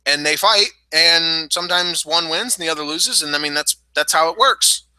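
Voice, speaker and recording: A man with a fairly high, very bright and forceful voice co-hosts a podcast, talking bluntly and swearing freely while he teases his partner. The sound is dry and close, with no room around it. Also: normal speed, clear, resonant tone, dry recording, low-quality recording. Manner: blunt, profane, teasing. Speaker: podcast co-host. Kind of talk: casual chat.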